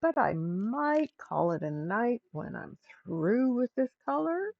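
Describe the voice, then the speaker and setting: A gravelly older woman takes her time, chatting to her viewers and pets during a home crafting livestream. Her voice is dry and close, with no room echo, and the stream audio is dull and lo-fi. She sounds relaxed and easygoing. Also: on the high side, slow. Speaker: livestream host. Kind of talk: casual livestream chat while crafting.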